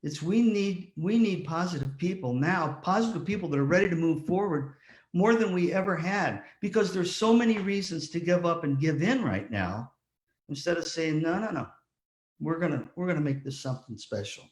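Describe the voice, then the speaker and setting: A man's voice: on the high side, expressive, moderate pace. Older male motivational speaker, echoey. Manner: storytelling, acts out quoted voices. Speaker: guest speaker. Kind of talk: motivational talk. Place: virtual conference talk.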